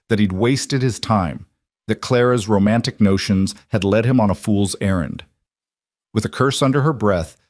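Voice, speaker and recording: A man's voice: fairly low pitch, a little mellow, no room sound, studio quality. Man narrating a frontier story.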